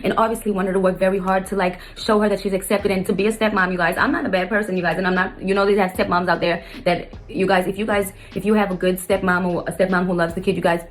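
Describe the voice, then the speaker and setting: A stepmother recounting a family story to her viewers, rambling and often turning to address them directly. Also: lowish voice. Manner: rambling, keeps addressing viewers as you guys. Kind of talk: fast emotional storytelling to camera.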